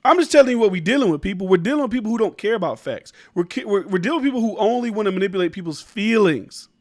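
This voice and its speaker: A high-pitched man rants through his own commentary show. He talks emphatically, swears a lot and trips over restarts. The sound is close and dry, with little room echo. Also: expressive, quick pace, darkish tone. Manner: emphatic, rambling, profane, restarts mid-sentence. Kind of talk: casual opinion commentary.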